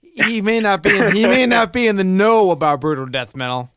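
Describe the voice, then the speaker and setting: An American radio host with a high voice for a man chats loosely and eagerly, often breaking into laughs. The sound is close and dry, with no room around it. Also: a little fast, fairly bright tone, no echo. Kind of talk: casual radio interview.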